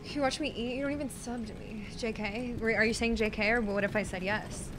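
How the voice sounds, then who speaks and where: A woman's voice: a little high, steady tone, fairly quick. A young woman streaming a game live, talking to her chat, frustrated and swearing. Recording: music playing loudly behind.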